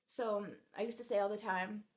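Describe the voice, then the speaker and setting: A woman's voice: mid-range voice, steady tone, brisk, darkish tone. A woman in her forties telling a workplace story in a chatty, exasperated way. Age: 40s. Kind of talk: casual storytime vlog.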